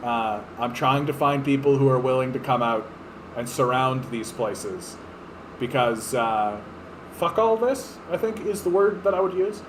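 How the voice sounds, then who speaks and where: A man's voice: mid-range voice, normal speed, noisy background. A man hosting a political podcast, ranting in a profane, fired-up way with lots of fillers. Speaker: podcast host. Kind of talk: political commentary rant.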